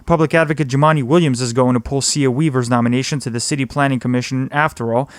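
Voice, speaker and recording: A man reads the week's headlines at a rapid clip, keeping his delivery steady and even. The sound is close and dry, with no room around it. His pitch sits in the middle range. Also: no room sound. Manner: brisk, steady read. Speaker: news podcast host. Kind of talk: scripted news roundup.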